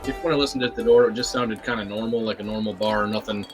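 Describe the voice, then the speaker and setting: Quick-talking man player asking questions. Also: lowish voice, fairly even intonation, over music. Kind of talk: casual game talk.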